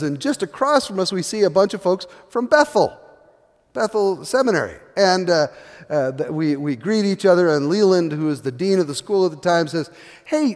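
A middle-aged male pastor preaching in a big church, his fairly high voice ringing out with a long reverb tail. He tells his story in a loose, conversational way, full of "uh"s and false starts. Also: darkish tone. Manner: storytelling with many fillers and restarts. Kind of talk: sermon.

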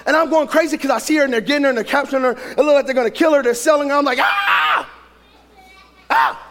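High-pitched shouting preacher man. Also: racing, noisy background. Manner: shouting, animated preaching with acted-out voices. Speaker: pastor. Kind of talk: sermon.

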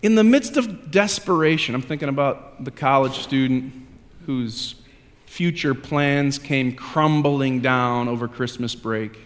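A man's voice: mid-range voice, unhurried, big-room sound. A male pastor preaching a sermon in a conversational, self-deprecating way that builds into emphatic repetition.

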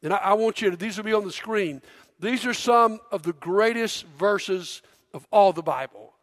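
A middle-aged man preaching a sermon in a church, energetic and conversational, prompting the congregation. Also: sits high, normal speed. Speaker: pastor. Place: church auditorium. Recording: long hall reverb.

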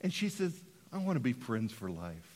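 A middle-aged man from Western Colorado preaching a sermon, dropping to hushed tones and rising to shouts. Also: medium pitch, very animated, moderate pace, in a large hall, noisy background. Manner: dramatic, swings from hushed to shouting. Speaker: pastor.

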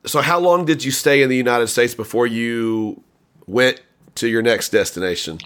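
A man's voice: mid-range voice, fairly bright tone. Friendly male interviewer. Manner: encouraging, quick to react and joke. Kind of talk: casual interview.

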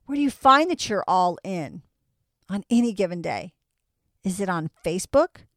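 A woman's voice: mid-range voice, expressive, normal speed, dry recording, clean studio sound. A woman preaching a sermon in an earnest way, asking her listeners one rhetorical question after another.

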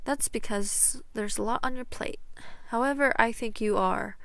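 A woman reading fan fiction aloud, voicing a calm female therapist who asks gentle, probing questions. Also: a little high, moderate pace, gravelly, no room sound.

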